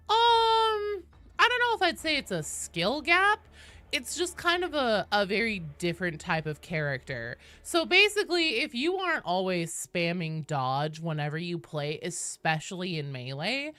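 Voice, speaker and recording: A woman's voice: lowish voice, bright, forceful tone, dry recording. A young woman streaming a game, chatting casually and upbeat with viewers, swearing now and then and greeting people by name.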